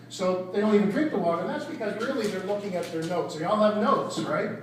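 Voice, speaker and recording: A man's voice: sits high, fast talker, slight background noise. An older man doing a rambling, self-deprecating stand-up set, trailing off mid-joke. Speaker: stand-up comedian. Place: comedy club stage. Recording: echoey club recording from far off with crowd laughter. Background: audience laughing.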